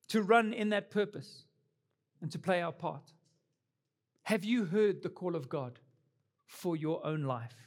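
A man's voice: high-pitched, fairly bright tone. A young adult man preaching a sermon as pastor, earnest and building to emphatic peaks.

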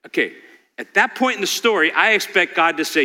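A man's voice: high-pitched, lively intonation, fairly quick, bright, forceful tone. A man preaching a dramatic sermon, asking the congregation rhetorical questions. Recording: long hall reverb.

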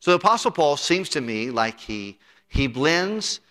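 Bright-voiced middle-aged pastor preaching. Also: male voice, a little high, sing-song, measured pace. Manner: earnest, repeats words. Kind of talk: expository sermon. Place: church sanctuary. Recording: long church hall reverb.

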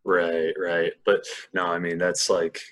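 Brief: young male guest, deep voice, upbeat slangy banter. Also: monotone, takes it slowly, fairly bright tone. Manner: enthusiastic, says "dude" and "like" often. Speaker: podcast guest. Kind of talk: casual podcast chat.

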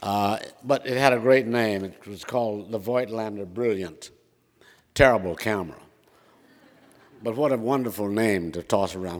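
A man's voice: on the low side, normal speed. An older man from Minnesota telling a self-mocking personal story, chatty with frequent fillers. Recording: reverberant hall.

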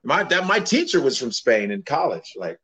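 A man's voice: mid-range voice, big pitch swings, moderate pace, fairly bright tone, husky. A man who is a comedian guest, talking in a loose, joking way in casual chat. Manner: loose, joking and self-promoting. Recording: dull lo-fi sound.

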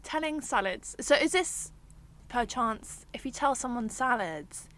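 Bubbly woman, higher voice. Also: animated, measured pace, fairly bright tone. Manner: bubbly, laughs often, playful. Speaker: podcast host. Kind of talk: casual chat.

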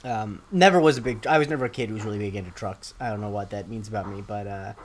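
Amid crowd noise, a young podcast co-host rattles through a TV episode recap in a fairly low voice at a fast pace. He rambles casually, with plenty of ums, restarts and dry asides.

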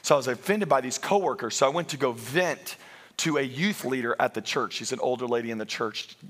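A man preaching a sermon to a congregation in church, telling lively stories with jokes at his own expense. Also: mid-range voice, a little fast. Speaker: pastor.

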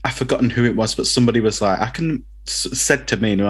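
Co-host, man: husky, enthusiastic, laughs often. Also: mid-range voice, rapid-fire, hardly any pauses. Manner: giggly, enthusiastic. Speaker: podcast co-host. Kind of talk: casual film discussion.

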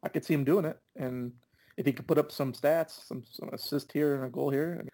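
A man's voice: on the high side, steady tone, brisk, mellow. Easygoing man co-hosting a soccer podcast. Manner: easygoing, agreeable, many fillers. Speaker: podcast co-host. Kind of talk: casual soccer chat.

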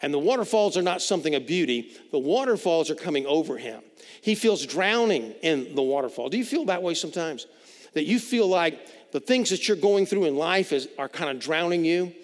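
A man's voice: on the high side, lively intonation, fairly quick. A pastor preaching a sermon in a conversational way, often repeating words as he builds his points. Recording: long reverb of a large hall.

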